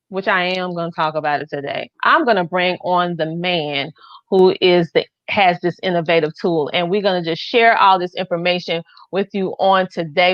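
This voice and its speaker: A woman's voice: mid-range voice, fairly bright tone, no room sound. A woman with a Southern twang hosts a live online show, talking in an eager, effusive way. Her voice sits in a middle register. The sound is dry and a little dull, like a lo-fi webcam recording. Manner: enthusiastic, effusive. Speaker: host.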